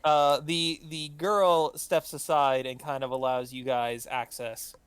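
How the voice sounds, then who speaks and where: A man's voice: fairly high pitch, little pitch movement, takes it slowly, a bit bright, clean tone, no room sound. A man running a tabletop game as game master, narrating with many ums and uhs. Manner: hesitant, full of ums and uhs.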